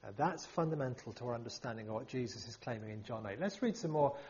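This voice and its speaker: A man's voice: medium pitch, expressive, fast talker, a little mellow, highs cut off. A man preaching a sermon to a congregation, emphatic and full of rhetorical questions.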